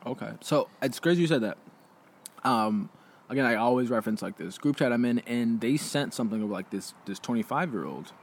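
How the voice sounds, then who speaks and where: A man's voice: medium pitch, lively intonation, brisk. A young man hosting a casual conversation, rambling with lots of fillers and restarts.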